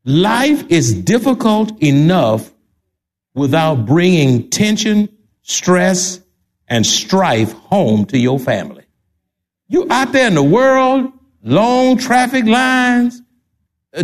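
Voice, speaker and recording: Animated high-voiced older Texan preacher. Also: male voice. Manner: emphatic preaching with repeated phrases. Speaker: pastor. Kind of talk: sermon.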